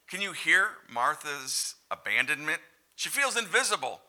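A male pastor giving an animated, conversational sermon and asking the congregation direct questions. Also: mid-range voice, normal speed.

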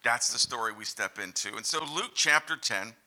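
A male pastor giving an animated, conversational sermon and asking the congregation direct questions. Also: mid-range voice, moderate pace.

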